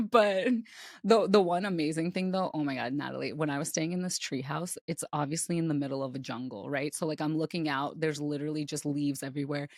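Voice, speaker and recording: A woman's voice: low voice, brisk, darkish tone, no room sound, studio quality. A woman co-hosting a podcast, telling stories animatedly and laughing often. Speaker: podcast co-host. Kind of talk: casual chat.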